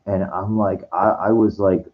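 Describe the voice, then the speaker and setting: A man telling a personal story in a casual monologue, halting and rambling, with many restarts, fillers and casual swearing. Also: sits low, level tone, dull audio. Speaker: vlogger.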